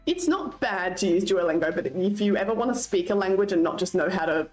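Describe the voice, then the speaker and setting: A woman's voice: medium pitch, expressive, fairly quick, a little mellow, soft background music. A young Australian woman streaming, chatting casually with her viewers, swearing freely and laughing often. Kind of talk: casual chat with live chat.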